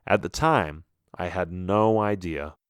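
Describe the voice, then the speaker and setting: A man narrating a children's storybook in the first person, with an animated, expressive reading. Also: deep voice, takes it slowly, clear, resonant tone, no echo, studio quality. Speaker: audiobook narrator.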